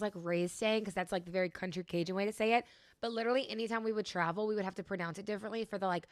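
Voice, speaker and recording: A woman's voice: medium pitch, no echo, studio quality. A woman in her twenties from Louisiana with a light country twang, chatting sassily and rambling on her podcast. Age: 20s. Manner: chatty, sassy, rambling with many likes. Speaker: podcast host. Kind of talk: casual solo podcast chat. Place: home room with washer and dryer running.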